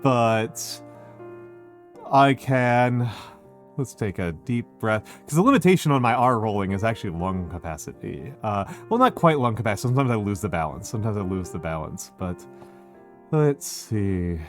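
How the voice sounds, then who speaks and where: A man streaming and chatting casually with his viewers, greeting them slowly with many fillers and restarts. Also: on the low side, expressive, soft background music.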